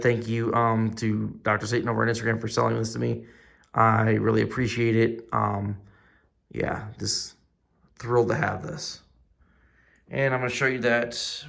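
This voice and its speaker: Gravelly man raving over a collectible. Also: mid-range voice, a bit bright. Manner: enthusiastic, rambling, frequent fillers and restarts. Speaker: collector reviewing a figure. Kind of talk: casual show-and-tell review.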